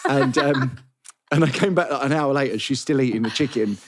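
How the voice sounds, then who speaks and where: A male podcast host who talks in a loose, halting ramble, starting over and reaching for words. His voice sits at a middling pitch for a man, in a relaxed, casual conversation. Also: a little hiss or hum. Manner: halting, rambling storyteller with many fillers. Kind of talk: casual chat.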